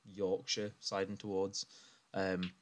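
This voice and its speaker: A man chatting on a podcast, his voice sitting a little low. He rambles through anecdotes with plenty of laughter and filler words, relaxed and conversational. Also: slow pace. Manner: rambling storyteller, laughs often. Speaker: podcast co-host. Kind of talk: casual chat.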